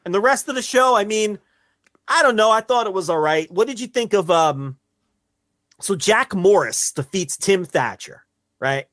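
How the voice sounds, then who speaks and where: A man's voice: high-pitched, normal speed, no echo. A man co-hosting a podcast in casual, profane, rambling chat. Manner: animated, profane, rambling with restarts. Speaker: podcast co-host.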